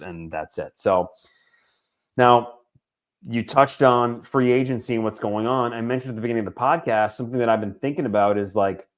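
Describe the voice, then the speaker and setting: Animated man in his forties ranting casually. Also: mid-range voice, normal speed. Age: 40s. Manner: animated, swearing, joking asides. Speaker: podcast co-host. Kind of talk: casual sports chat.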